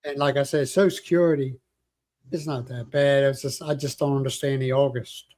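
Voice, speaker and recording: A man's voice: mid-range voice, steady tone, brisk, a little mellow. An older man hosting a casual livestream chat, telling rambling stories and joking with viewers. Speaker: livestream host.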